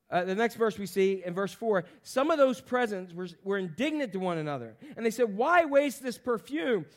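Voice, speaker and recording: High-voiced animated male pastor. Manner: animated, acts out voices of characters, asks the congregation questions. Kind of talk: sermon.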